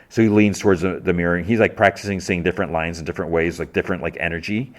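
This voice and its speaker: Low-voiced man rambling through a recap. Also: fairly even intonation, rapid-fire, few pauses. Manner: rambling, full of "like" and restarts. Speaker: podcast host. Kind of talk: casual episode recap.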